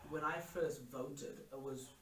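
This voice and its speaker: A man's voice: medium pitch, fairly even intonation, a little slow, a bit bright, a little hiss or hum. A man born in South Africa, a guest on a podcast, talking in a chatty, reflective way with lots of fillers. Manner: talkative, reflective, frequent fillers. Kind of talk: casual conversation. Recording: echoey room, distant mic, faint music.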